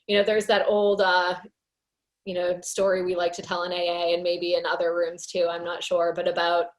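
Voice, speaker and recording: A woman's voice: lowish voice, completely flat delivery, normal speed. A woman leading a recovery workshop, teaching in a casual, earnest way, full of "you know" fillers, and reading aloud from a book. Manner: conversational, many fillers, earnest.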